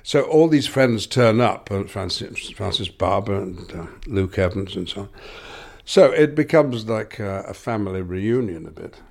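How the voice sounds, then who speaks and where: An older man with a Lancashire accent speaks in a fairly low voice, thinking aloud as an interview guest. He circles back and restarts his phrases as he reflects. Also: expressive, creaky. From Lancashire, England. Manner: musing, halting, many restarts.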